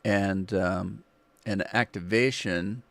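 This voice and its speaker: His voice sits low with a steady tone, slow and creaky yet fairly bright, in a dry recording. While streaming a farming game, the man chats with viewers, jokes about himself, and hums along as he plays.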